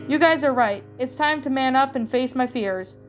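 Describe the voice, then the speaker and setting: An earnest eleven-year-old cartoon boy from a storybook, voiced by a woman with a fairly high voice. he sounds plain and sincere. soft music plays faintly behind. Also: normal speed, lightly acted. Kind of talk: storybook reading.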